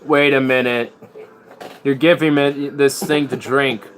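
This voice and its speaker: A man streaming in easy, rambling casual chat, full of slang and quick laughs. His voice sits in a middle pitch. Faint background noise hangs behind him. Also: fairly even intonation. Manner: rambling, laid-back, laughs often, slangy.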